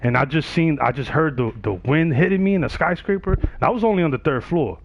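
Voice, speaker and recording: A livestream gamer casually tells a story on his stream, acting out the other people's voices. His voice sits on the high side and is expressive, moving a little fast. The recording sounds dull and dry.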